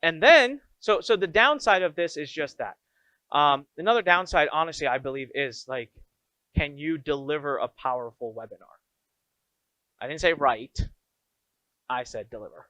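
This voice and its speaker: A man coaching his members on running an online business, telling frank, animated stories as he teaches. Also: mid-range voice, clear, resonant tone, no echo, muffled recording. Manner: energetic storytelling, frank and animated.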